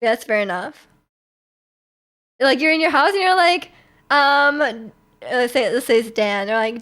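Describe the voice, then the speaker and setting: A woman's voice: high-pitched, animated, measured pace, pauses often, a bit bright. A young woman streamer chatting casually with her viewers, rambling with lots of fillers and restarts.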